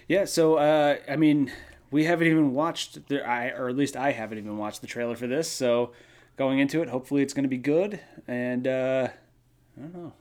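Easygoing podcast co-host, halting and agreeable. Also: male voice, mid-range voice, steady tone, a little mellow. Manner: easygoing, agreeable, hesitant with many fillers. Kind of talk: casual movie review chat.

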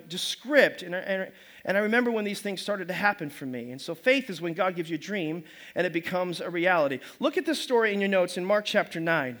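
A man's voice: high voice, a bit bright. A man pastor preaching a sermon in a loose, conversational way, often restarting his phrases. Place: church service.

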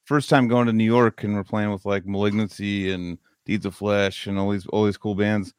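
A low-voiced man chatting loosely on a podcast, telling rambling stories with laughter and plenty of swearing. The sound is dry and close, with no room around it. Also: fairly even intonation, moderate pace, smooth, no echo. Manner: rambling, laughing storyteller, heavy cursing. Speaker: podcast host. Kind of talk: casual chat.

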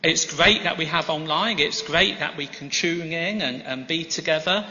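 Speaking at a normal speed, a male guest preacher shares gentle, self-deprecating stories in a sermon at a large church. His bright, fairly high voice carries into a long hall reverb, though the recording is a bit dull and muffled.

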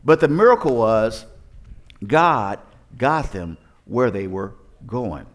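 Here a man preaches as a pastor, his mid-range voice very animated yet unhurried. He tells the story conversationally, asking rhetorical questions and restarting often.

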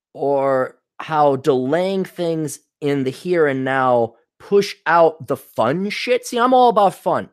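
A man's voice: fairly high pitch, dry recording, studio quality. A man hosting a podcast, ranting in a casual, comedic way and swearing often as he tells stories. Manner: profane, animated storytelling with quoted voices. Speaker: podcast host.

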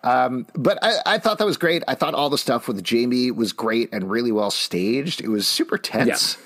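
A man's voice: mid-range voice, lively intonation, normal speed, fairly bright tone. A man co-hosting a podcast, chatting casually about a TV episode and playing up jokey quotes. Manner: playful, does mock quotes. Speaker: podcast co-host. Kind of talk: casual recap chat.

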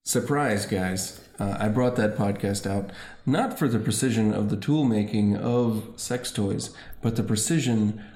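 A man's voice: lowish voice, a little slow, dark tone. A man co-hosting an improvised comedy podcast, speaking in a dry, matter-of-fact way. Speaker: podcast host. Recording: roomy echo.

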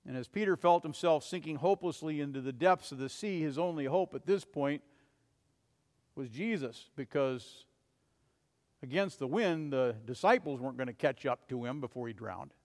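Pastor guy preaching, kinda high voice, big echoey church sound. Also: animated, normal speed. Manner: earnest preaching, rising to urgent cries and dropping to soft, low passages. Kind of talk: sermon.

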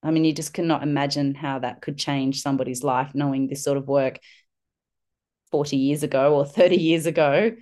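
A woman's voice: low-pitched, steady tone, fairly quick, mellow. A middle-aged woman, a podcast guest and parenting mentor, telling an earnest story with frequent fillers and restarts. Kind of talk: reflective conversational storytelling.

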